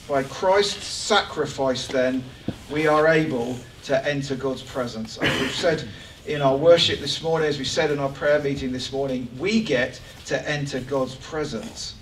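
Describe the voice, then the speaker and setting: A man preaching a lively, joking sermon to his church congregation. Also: mid-range voice, measured pace, hardly any pauses, slight background noise. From England. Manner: animated, joking, rising excitement. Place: church hall. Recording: echoey church hall from far off.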